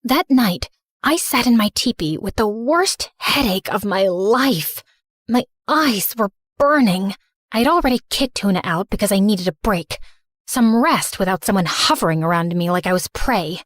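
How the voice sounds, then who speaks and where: A woman's voice: mid-range voice, expressive, unhurried, no echo, clean studio sound. A woman narrating a dramatic first-person story in an earnest storytelling manner.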